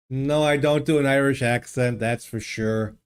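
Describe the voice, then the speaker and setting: A man's voice: medium pitch, clear, resonant tone. A man live-streaming a geography guessing game, thinking aloud and chatting casually with his viewers. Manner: thinks aloud, muses and answers viewers' chat. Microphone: desk microphone.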